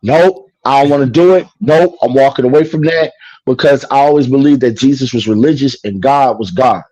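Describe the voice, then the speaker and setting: A man's voice: medium pitch, a little fast, a little mellow, no echo. A man from Chicago telling a personal story in a casual way, acting out the dialogue and saying "you know" a lot. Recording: slightly muffled dry recording.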